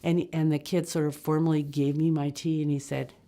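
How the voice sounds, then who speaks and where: Low-voiced woman telling a travel story. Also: a little fast. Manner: lively, acts out voices, laughs often.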